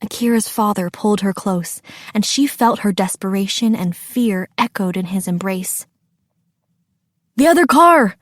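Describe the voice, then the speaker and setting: A woman narrating a children's storybook with a steady, deliberate reading. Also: mid-range voice, dry recording.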